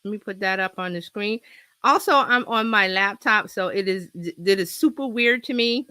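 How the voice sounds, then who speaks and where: Bright-voiced woman hosting a chatty livestream. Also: mid-range voice, normal speed, smooth, dry recording. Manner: chatty, rambling, laughs often. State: slight cold, scratchy throat. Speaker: host. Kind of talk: casual livestream chat. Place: home office. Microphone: laptop with external mic.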